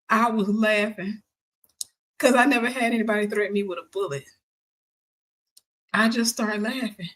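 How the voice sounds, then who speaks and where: A woman host telling a personal story in an animated way, laughing and acting out the voices of the people in it. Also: mid-range voice.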